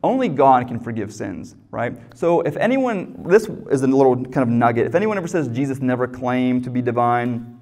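A man's voice: medium pitch, animated, moderate pace, a little mellow. A man preaching a sermon as pastor, teaching in a conversational, emphatic way with rhetorical questions.

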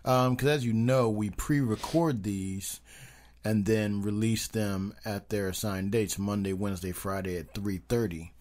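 A man's voice: on the low side, steady tone, unhurried, darkish tone. A man co-hosting a casual podcast, rambling with many ums and teasing his partner. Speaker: podcast co-host.

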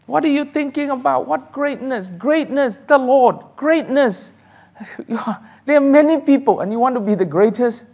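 A man teaching a church Sunday school class, animated and laughing often as he takes questions. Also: sits high, vocal fry, dull audio.

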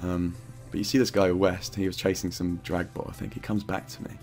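Low-voiced man swearing through gameplay commentary. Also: little pitch movement, brisk, gravelly, a little mellow, faint music behind. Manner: swears often, loose rambling narration with fillers. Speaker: gaming YouTuber narrating his own gameplay.

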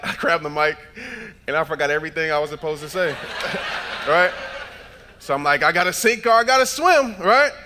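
A man in his thirties giving a motivational keynote speech on stage, telling stories with acted-out dialogue and building up to shouted points. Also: a little high. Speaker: motivational speaker. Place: large event hall.

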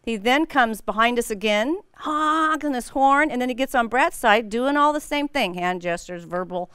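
A woman's voice: on the high side, lively intonation, normal speed, fairly bright tone, clear, resonant tone, dry recording, clean studio sound. A middle-aged woman teaching a women's Bible study, telling a personal story in a chatty way and laughing often.

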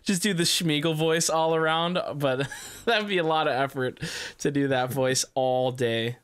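A young man co-hosting a casual podcast, easygoing and quick to laugh along. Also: a little high, a bit bright, smooth, dry recording. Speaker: podcast co-host. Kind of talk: casual chat.

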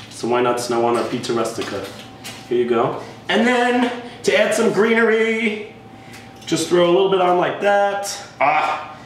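A man's voice: medium pitch, fairly bright tone, slight background noise. A man from New Jersey hosting a cooking demonstration in a kitchen, talking in a playful, theatrical, joking way. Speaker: cooking show host. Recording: very echoey room, distant mic.

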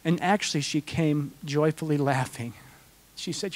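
Speaking at a moderate pace in a voice on the high side, a middle-aged man answers questions from a conference audience. He tells heartfelt stories earnestly, restarting his sentences frequently.

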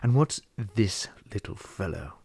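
A man voicing a huge, gruff, bearded man of the wild who growls his words in a storybook reading. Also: fairly low pitch, lively intonation, unhurried, dark tone, dry recording, full character voice.

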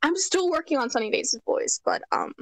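A woman's voice: high-pitched, wildly swooping pitch, moderate pace, vocal fry, no echo, poor audio. A woman voice actor chatting casually on a podcast, drawling and hesitant, her sentences trailing off. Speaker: voice actor guest.

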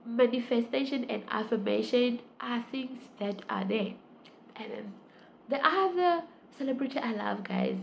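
A woman vlogging to camera, chatting warmly and gushing to her viewers, calling them guys. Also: mid-range voice, creaky, lo-fi sound, a little hiss or hum. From South Africa. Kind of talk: casual talk to camera.

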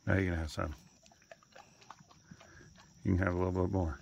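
A man talking to his pets outdoors in a coaxing, playful way, calling them in high sing-song baby talk and teasing them with mild swearing. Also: a little slow, vocal fry, long pauses, fairly bright tone. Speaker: pet owner filming animals. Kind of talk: casual talk to animals.

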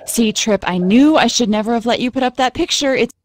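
An actress voicing an anxious hostess wife in a video game, flustered and stammering as she tries to smooth things over. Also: a little high, brisk, no echo, lightly acted.

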